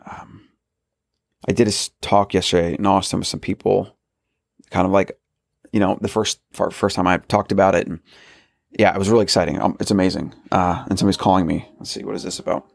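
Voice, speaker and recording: A man's voice: sits low, little pitch movement, brisk, creaky. A man hosting a solo podcast, talking earnestly in a rambling way with frequent restarts. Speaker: podcast host.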